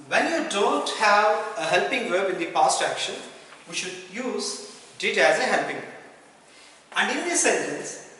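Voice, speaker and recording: High-pitched man teaching grammar. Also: sharp tone. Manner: explains slowly with repeated phrases and spoken examples. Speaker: English teacher. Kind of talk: grammar lesson. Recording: echoey room, mic far off.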